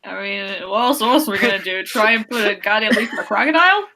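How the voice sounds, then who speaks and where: A woman's voice: mid-range voice, fast, a crowd in the background. A woman playing a tabletop game, wry and exasperated, swearing freely at the other characters. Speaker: tabletop player. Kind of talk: casual tabletop role-play.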